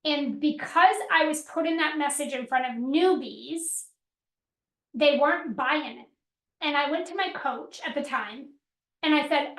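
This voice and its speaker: Business coach, woman, middle-aged, high voice, direct and energetic; echoey room. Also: moderate pace. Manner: energetic, direct, asks the audience questions, acts out clients' voices. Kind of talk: workshop teaching.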